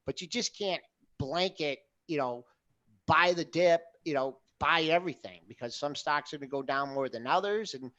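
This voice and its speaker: A man's voice: fairly high pitch, moderate pace, pushed and bright, highs cut off. A middle-aged man co-hosting a live trading talk show, giving emphatic, practical advice. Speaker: co-host.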